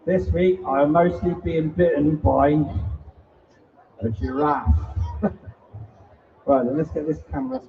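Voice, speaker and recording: Fairly high-pitched yet steady, his slow, creaky delivery pauses often. He presents invertebrates to families in an event hall, theatrically joking and teasing the kids, on distant, dull live-stream sound with faint noise.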